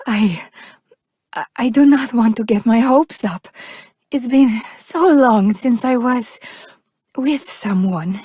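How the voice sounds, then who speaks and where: A doomed romantic game heroine. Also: female voice, a little high, slow pace, pauses often, mellow, husky, dry recording, studio quality. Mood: wistful. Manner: dramatic, formal, breathless romantic. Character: unlucky, romantic young woman dating-game love interest. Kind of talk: dating game voice lines.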